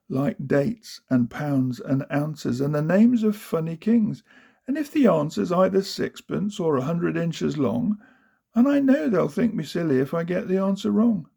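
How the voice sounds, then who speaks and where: Man, gravelly, husky, rhythmic sing-song reading of children's verse. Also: on the high side, warm tone. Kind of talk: storybook reading of children's poems.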